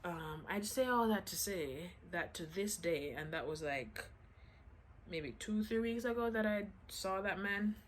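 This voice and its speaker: A woman's voice: medium pitch, expressive, a little slow, a little hiss or hum. A woman casually telling a personal story to her vlog audience, acting out the quotes with lots of "I'm like" asides.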